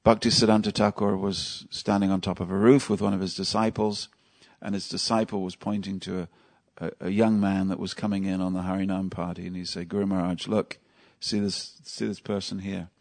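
A low, level voice carries this temple lecturer through a fairly quick talk with few pauses. He shares stories conversationally during the devotional class and asks his listeners questions.

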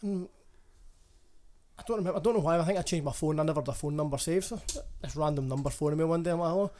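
A man co-hosting a casual podcast, telling stories in an animated, sweary way. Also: on the high side, quick pace, slight background noise.

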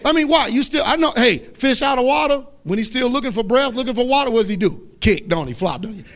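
Pastor guy preaching hard, high voice that jumps all over, slow shouted scripture. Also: animated. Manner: fiery preaching, shouts scripture slowly, asks the congregation questions. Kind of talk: sermon.

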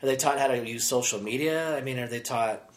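A man's voice: medium pitch, fairly quick. A man co-hosting a podcast, talking casually with a rambling, sarcastic manner and frequent restarts. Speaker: podcast co-host. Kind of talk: casual chat.

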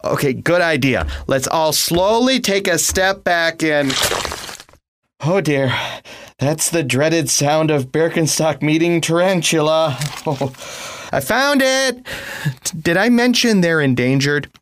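A man's voice: on the high side, lively intonation, a little slow, a little hiss or hum. Sheepish man with a slightly raised voice. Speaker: guest bringing animals. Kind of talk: casual chat.

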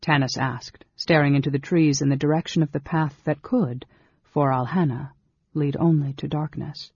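A man reading a fantasy novel aloud as audiobook narrator, in a steady, measured way. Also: a little high, husky, no echo. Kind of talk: scripted narration. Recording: dull lo-fi recording.

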